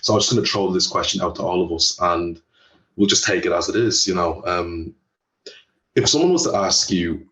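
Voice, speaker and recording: A man chairing a casual panel discussion, asking questions in a relaxed way. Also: deep voice, moderate pace. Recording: distant, echoey, dull lo-fi mic.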